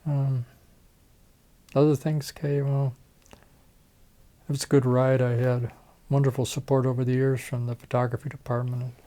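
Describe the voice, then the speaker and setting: A man's voice: mid-range voice, flat delivery, measured pace, long pauses, warm tone. Older man telling stories. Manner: storytelling, reenacts dialogue, chuckles. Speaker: retired facial plastic surgeon. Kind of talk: oral history interview.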